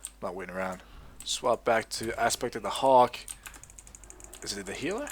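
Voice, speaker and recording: A young man who makes gaming videos speaks in a fairly low, slightly breathy voice at a moderate pace. He rambles animatedly through a story packed with swearing, then casually commentates his own gameplay.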